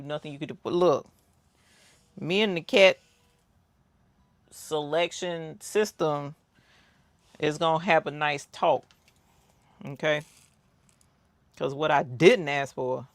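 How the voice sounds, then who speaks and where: A woman's voice: deep voice, vocal fry, dry recording. A woman hosting a crafting livestream, chatting casually with viewers, telling stories and reading out their comments. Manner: chatty storyteller, talks to viewers, reads out chat comments.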